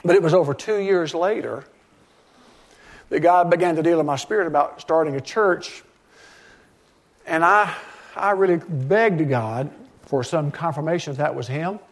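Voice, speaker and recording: In a church sanctuary, a middle-aged pastor preaches an earnest, story-driven sermon, often acting out what other people said to him. His voice is fairly high in pitch, his pace moderate, and he leaves long pauses.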